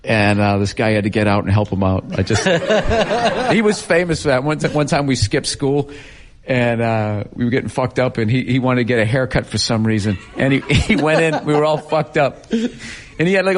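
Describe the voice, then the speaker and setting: A comedian man spins a run of loose, profane stories, and laughter keeps breaking into his lines. His voice sits at a middle pitch, casual and animated. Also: moderate pace, a little hiss or hum. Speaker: comedian guest. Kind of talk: casual interview storytelling.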